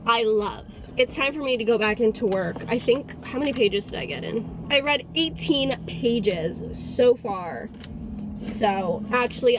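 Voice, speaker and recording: A young woman vlogging casually about a book she is reading, gushing and excitable, often saying "like". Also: medium pitch, a little hiss or hum, low-quality recording.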